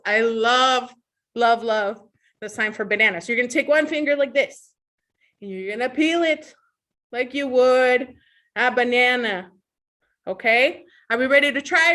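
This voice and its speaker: A woman's voice: fairly high pitch, pushed and bright. A woman leading an online children's storytime, cheerfully coaxing young kids through signs and a song and praising them over a video call.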